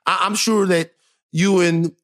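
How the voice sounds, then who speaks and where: A man co-hosting a podcast, chatting casually and telling stories in a joking, animated way. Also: high voice, unhurried. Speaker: podcast co-host. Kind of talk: casual chat.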